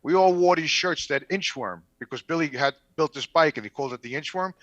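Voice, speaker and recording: Male guest, bright-toned earnest storyteller, dry dull recording. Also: fairly high pitch, brisk, dry recording. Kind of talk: casual chat.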